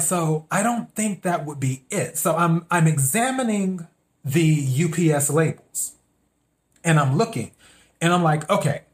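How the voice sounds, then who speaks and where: A man hosting a podcast, telling a story in a casual, meandering monologue and acting out his own thoughts in quotes. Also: on the high side. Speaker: podcast host.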